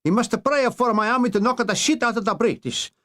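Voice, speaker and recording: A man's voice: very high voice, brisk, fairly bright tone, pitched above the performer's own voice. A man voicing a pompous, cowardly Italian dictator in comic broken English with an Italian accent. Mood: blustering.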